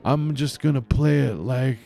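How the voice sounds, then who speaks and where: A man's voice: mid-range voice, unhurried, gravelly, dark tone, voice pushed up. A man putting on a mumbling, menacing New York mobster voice in a Godfather-style impression during a casual podcast chat.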